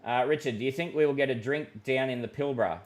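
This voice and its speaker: An Australian man in a relaxed livestream chat, talking in a mid-pitched voice. He goes through forecasts and viewer questions in a friendly, matey tone, full of fillers and restarts. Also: quick pace. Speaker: weather forecaster and livestream host. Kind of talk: casual livestream chat reading viewer comments.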